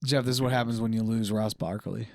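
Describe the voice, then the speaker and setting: A man co-hosting a casual sports podcast from a home studio, quick and joking, steering the talk with questions. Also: fairly low pitch, steady tone, vocal fry, slight background noise. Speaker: podcast co-host.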